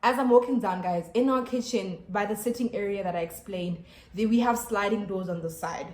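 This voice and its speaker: A young South African woman telling a storytime vlog to her camera at home, chatty and animated with lots of fillers and restarts. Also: mid-range voice, a little fast. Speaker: YouTuber. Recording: echoey room.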